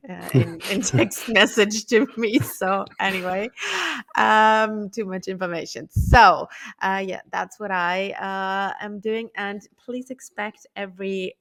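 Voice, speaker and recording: A woman's voice: medium pitch, a bit bright. A woman, a native German speaker, hosting a casual video chat with a guest and signing off with affectionate, chatty remarks. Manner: chatty, affectionate sign-offs. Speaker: channel host.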